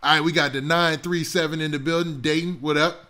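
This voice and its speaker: A man hosting a live online show, calling out viewers' cities one after another in loose, slangy chat. His voice is bright and forceful, pitched a little higher than most men's. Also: steady tone. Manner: hypes up viewers with rapid city shout-outs and slang. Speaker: hip-hop news livestream host. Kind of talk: casual livestream chat.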